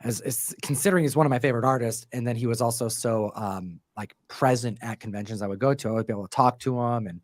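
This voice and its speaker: In a studio-quality recording with no room sound, a man talks fast and hardly pauses, his pitch medium. He's a comic book co-writer and show host, chatting loosely about his comics in an interview, full of fillers and restarts.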